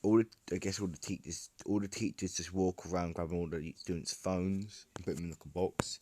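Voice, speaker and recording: Low-voiced guy making up a fan story on his phone, rambly, lots of likes and restarts. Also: fairly even intonation, brisk, dark tone. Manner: rambling, many fillers and restarts. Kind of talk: casual improvised fan story narration.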